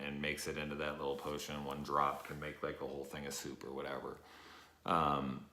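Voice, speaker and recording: A young man giving a rambling, casual late-night review, tired, swearing often and filling pauses with ums and uhs. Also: rumbling low, bright, forceful tone. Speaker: show reviewer. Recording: echoey room.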